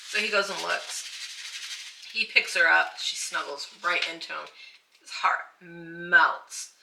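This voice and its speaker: Casual host, woman; animated storyteller heard from across an echoey, noisy room. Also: lowish voice, slow pace, vocal fry. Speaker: channel host. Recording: roomy, distant and noisy.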